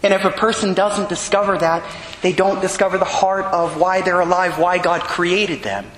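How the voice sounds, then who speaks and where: A man with a slightly high voice tells a story in a measured, earnest sermon. His words carry a long reverb, as if spoken in a large church, with a faint hiss of background noise. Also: a bit bright. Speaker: preacher. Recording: echoey hall with long reverb.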